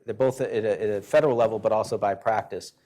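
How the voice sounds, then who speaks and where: A man's voice: on the low side, steady tone, fast, mellow. A man giving a public presentation to a local government board in a folksy, conversational way. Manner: folksy storyteller acting out quoted exchanges.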